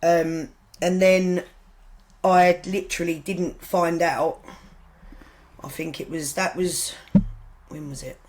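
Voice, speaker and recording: A woman's voice: on the low side, fairly even intonation, slow, pauses often, slight background noise, rough recording. A woman talks as a podcast guest, telling her story casually and frankly. She rambles and backtracks often and corrects herself, with blunt humour and the odd swear word.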